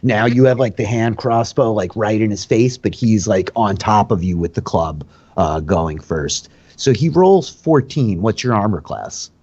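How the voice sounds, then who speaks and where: Low-voiced man running a tabletop game. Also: animated, measured pace, darkish tone, husky, lo-fi sound. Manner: loose, filler-heavy narration with frequent "like". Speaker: dungeon master and host.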